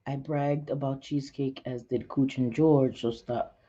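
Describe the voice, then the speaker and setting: A woman's voice: a bass voice, measured pace, highs cut off. Blunt, profane woman livestream host. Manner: blunt, profane, excitable, laughs often. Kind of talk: casual livestream chat.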